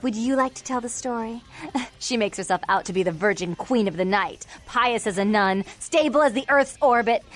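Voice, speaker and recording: A woman voicing two feuding vampire sisters in a video game, contemptuous and dramatic. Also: a little high. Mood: mocking.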